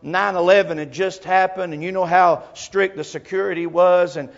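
A man preaching a sermon, telling a personal story, moving from hushed tones to crying out. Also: high-pitched, fairly even intonation, moderate pace, creaky, lo-fi sound. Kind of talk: emotional Southern sermon storytelling.

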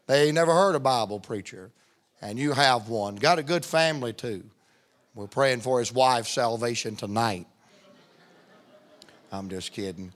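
A middle-aged man pauses often and keeps a measured pace in his mid-range voice. As a visiting preacher, he opens his sermon humorously with folksy jokes and stories.

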